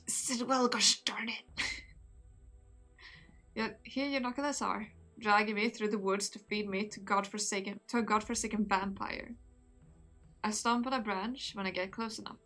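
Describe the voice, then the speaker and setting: A young woman streamer reads a story out on a live stream, breaking off often to giggle and chat with her viewers. Her voice is bright and forceful at a mid pitch, and soft music plays in the background. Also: steady tone, normal speed.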